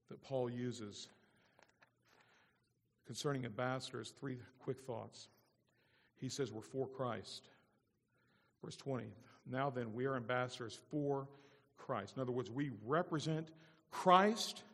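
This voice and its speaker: A man preaching a sermon as pastor, moving between loud emphatic lines and soft, low-spoken asides. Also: big-room sound.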